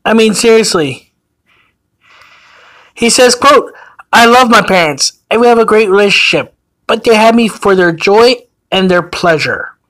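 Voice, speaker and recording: A man's voice: high-pitched, expressive, unhurried, long pauses, fairly bright tone, poor audio. A man hosting a commentary video, ranting indignantly and with profanity, often restarting his phrases.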